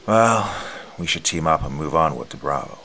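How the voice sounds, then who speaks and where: A man voicing a calm, confident squad leader who gives steady orders. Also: rumbling low, moderate pace, slight background noise, heavily acted.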